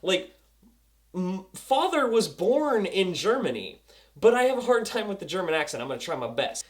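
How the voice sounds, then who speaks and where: A young man reviewing a TV episode, excitable and goofy, acting out scenes as he goes. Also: high voice, moderate pace. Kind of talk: casual review vlog.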